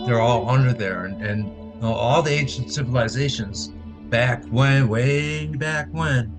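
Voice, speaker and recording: Halting man with music behind him. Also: mid-range voice. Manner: halting, repeats words, trails off. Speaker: interview guest. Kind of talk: recounting a personal experience.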